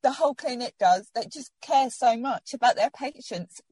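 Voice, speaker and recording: A woman's voice: high voice, lively intonation, normal speed, darkish tone, slightly rough, dry recording. A woman recounts a personal story in an interview. She rambles and restarts, heartfelt and close to tears at times. The recording is dry and close. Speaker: patient telling her story.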